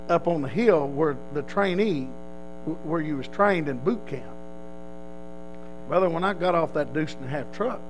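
High-voiced Texan man telling stories. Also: slight background noise, poor audio. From Texas, USA. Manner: rambling, with frequent restarts. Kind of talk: personal storytelling.

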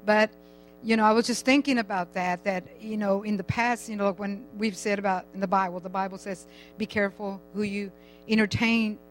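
A woman's voice: mid-range voice, steady tone, a little fast, slight background noise, poor audio. An older woman giving a rambling, chatty personal testimony in church, laughing now and then as she talks.

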